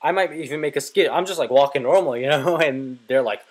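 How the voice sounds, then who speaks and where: A man's voice: medium pitch, a little fast, husky, low-quality recording. A young man from North America giving casual gameplay commentary, rambling into stories with lots of fillers and casual swearing. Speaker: let's play host.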